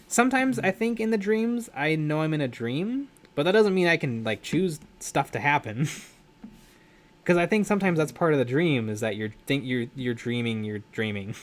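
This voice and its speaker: A man's voice: fairly high pitch, expressive, moderate pace, slight background noise. Rambling, chatty young man. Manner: rambling, self-correcting, laughs often. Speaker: livestream host. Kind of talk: casual live-stream chat while painting.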